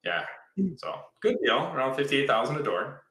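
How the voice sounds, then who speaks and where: Man, 50s, from Michigan, upbeat storytelling investor; forceful tone in an echoey room. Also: medium pitch, normal speed, vocal fry. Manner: enthusiastic, storytelling, explains with repeated "right?". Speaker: real estate investor. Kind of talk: casual podcast conversation. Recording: roomy echo.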